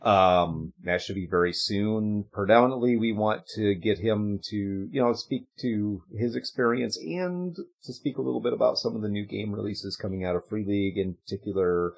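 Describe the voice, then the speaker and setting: Casting: male co-host, lowish voice, relaxed rambling announcements. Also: moderate pace, gravelly, few pauses. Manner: upbeat, rambling announcements with fillers. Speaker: podcast co-host. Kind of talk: casual livestream chat.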